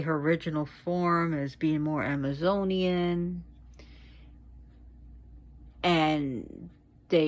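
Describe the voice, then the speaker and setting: A woman presenting a casual educational video at home, talking slowly and deliberately and repeating words for emphasis. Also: low voice. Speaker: video presenter on mythology and witchcraft. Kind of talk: casual educational talk to viewers.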